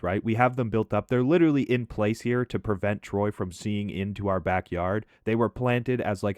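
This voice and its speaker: A man telling a profane, animated story in a casual commentary over gameplay. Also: lowish voice, dry recording, clean studio sound.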